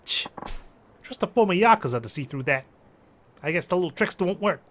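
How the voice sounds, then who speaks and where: A man's voice: high voice, expressive, fairly quick, fairly bright tone, slight background noise, pitched above the performer's own voice. Man putting on a Jersey-accented mob enforcer. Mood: smug, threatening. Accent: put-on New Jersey. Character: menacing male mob enforcer, smug and pushy. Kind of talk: amateur quote reading of game dialogue.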